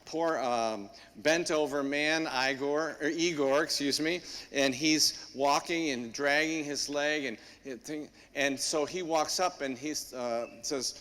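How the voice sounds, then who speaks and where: A man, a priest, giving a homily in a church in a conversational storytelling manner with frequent pauses. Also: fairly high pitch, fairly bright tone. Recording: long church reverb.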